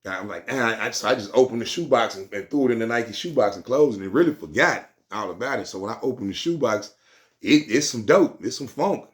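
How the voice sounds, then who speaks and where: A man's voice: mid-range voice, animated, a little fast. A man telling a street story in casual slang, rambling and repeating himself.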